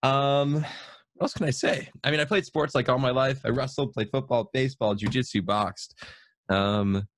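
A man's voice: mid-range voice, steady tone, normal speed, dry recording. A man in his twenties, a podcast guest, talking casually in a modest, hesitant way with many fillers. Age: 20s.

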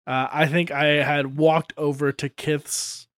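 A man playing a tabletop game, describing what his character does in a relaxed, halting way with many fillers. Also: on the high side, no echo, clean studio sound. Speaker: player.

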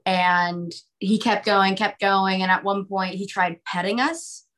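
Bright-voiced young woman, wry and blunt. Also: mid-range voice. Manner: blunt, wry, quick quips. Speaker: podcast guest. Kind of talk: casual chat.

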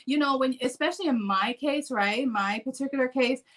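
A woman in her forties talking casually to camera in a vlog, animated and playful. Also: sits high, a little fast. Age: 40s. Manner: animated, playful, acts out her own inner voice. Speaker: fitness vlogger.

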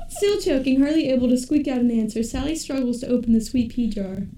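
Brief: young woman host, bright-pitched, narrates scenes breezily, roomy sound from off-mic. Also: quick pace. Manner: laughing often, breezy narration. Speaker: podcast host. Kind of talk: narrating a casual table read. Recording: roomy, from a distance.

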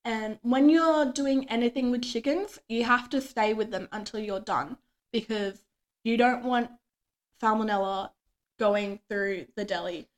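A young woman with a somewhat high voice speaks at an unhurried pace. She's co-hosting a podcast, chatting casually and telling stories from her workday, acting out the lines people said.

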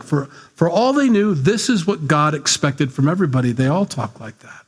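A man's voice: fairly high pitch, expressive, normal speed, few pauses, husky. A man preaching a sermon, reading scripture and explaining it in a blunt, conversational, teasing way. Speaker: pastor.

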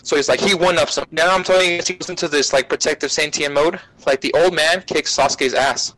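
A man guesting on a podcast, retelling an anime plot in a profane, rambling, animated way. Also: fairly high pitch, brisk, rough recording. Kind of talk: casual anime recap chat.

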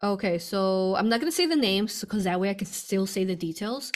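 A woman's voice: medium pitch, expressive, a little fast. A woman hosting a live spiritual stream, answering viewer questions in a chatty way, laughing often and calling listeners "you all".

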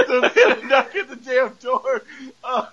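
A man hosting a podcast, retelling a TV episode in a rambling, casual way and laughing often as he talks. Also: very high-pitched. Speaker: podcast host. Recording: dull lo-fi podcast audio.

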